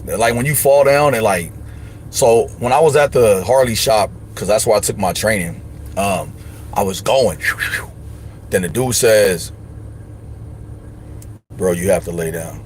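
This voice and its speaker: A man's voice: fairly low pitch, unhurried, a little mellow, a little hiss or hum. A man hosting a livestream, giving emphatic, slangy advice in casual chat. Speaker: livestream host.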